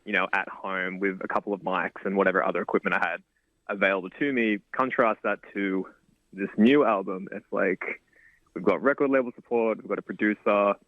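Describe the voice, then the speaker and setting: A man's voice: low voice, fairly even intonation, fairly quick, no room sound. A male musician answering interview questions over a call-in line, thoughtful and a little hesitant. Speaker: musician guest. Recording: dull, dry call-in audio.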